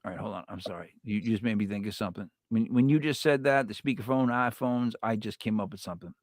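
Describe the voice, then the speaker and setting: A man hosting a live stream, chatting casually and telling stories with lots of restarts and sudden loud yells. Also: lowish voice, quick pace, dry recording, studio quality. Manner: rambling storyteller with many restarts, bursts into loud yells. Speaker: livestream host.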